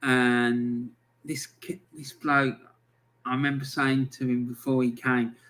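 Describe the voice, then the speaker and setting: A man's voice: medium pitch, steady tone, unhurried, sharp tone. A man hosting a football livestream who reads out viewer comments and tells long, blunt anecdotes with plenty of swearing. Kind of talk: casual livestream chat.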